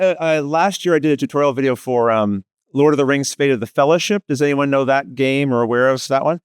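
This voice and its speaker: Speaking quickly and smoothly with hardly any pauses, a man with an East Coast Canadian Maritime accent delivers a lively panel presentation. He's a tutorial video creator who jokes at his own expense and asks the audience questions. His voice is mid-range, recorded dry in studio quality.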